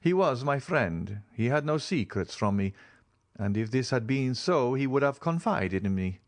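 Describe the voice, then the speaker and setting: A male audiobook reader voicing a grave, reserved nobleman who speaks in a measured way. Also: medium pitch, sing-song, voice pushed up. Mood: earnest. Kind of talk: audiobook character reading.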